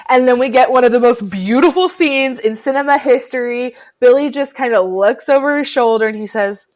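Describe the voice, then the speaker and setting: A woman's voice: fairly high pitch, moderate pace, hardly any pauses. A woman co-hosting a podcast, recapping a film in casual chat and acting out the quotes as she goes. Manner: animated storytelling, acts out quotes. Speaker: podcast co-host.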